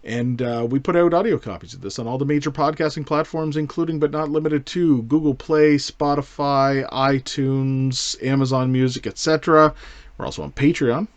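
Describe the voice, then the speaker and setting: A man's voice: mid-range voice, moderate pace, no echo, dull audio. A man hosting a casual movie podcast, talking loosely and with some swearing. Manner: loose, profane, animated delivery. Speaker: podcast host.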